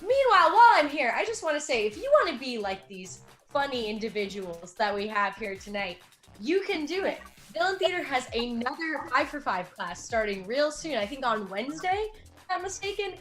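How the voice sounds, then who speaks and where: A woman with a high voice hosts a comedy show in an upbeat, chatty way. Faint music plays behind her. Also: big pitch swings, a little fast, fairly bright tone. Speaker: show host.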